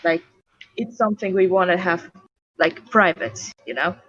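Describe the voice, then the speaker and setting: A woman's voice: on the low side, expressive, moderate pace, a bit bright, slightly rough. A woman from Switzerland with a Swiss German accent, chatting casually and swearing freely on a late-night stream. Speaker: stream co-host. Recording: dull, lo-fi stream audio.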